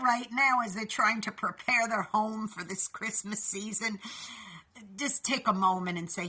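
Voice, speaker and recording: A woman hosting a short inspirational video, talking in an upbeat, animated way and calling her viewers boys and girls. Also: mid-range voice, normal speed, husky. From New York.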